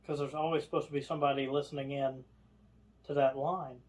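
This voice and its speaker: A man's voice: medium pitch, fairly quick. A man telling a story on a podcast in casual chat, acting out the people in it. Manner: animated storyteller, acts out others' lines. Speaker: podcast co-host.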